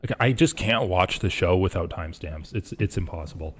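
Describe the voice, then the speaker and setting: A man's voice: fairly low pitch, lively intonation, fairly quick, few pauses, a little mellow, breathy edge. A young man hosting a casual live reaction stream, rambling and thinking aloud as he reads chat.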